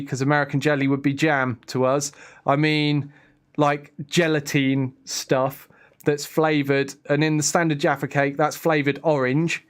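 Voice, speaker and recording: A man's voice: a little high, smooth. A young man chatting casually on a live stream, rambling and answering his chat. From England.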